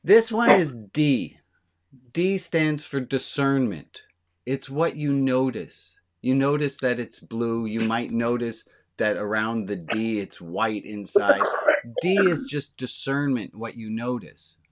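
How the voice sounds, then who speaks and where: A man, a rabbi, giving an informal sermon to his congregation, talking candidly and slowing down to stress the lines that matter. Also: medium pitch, lively intonation.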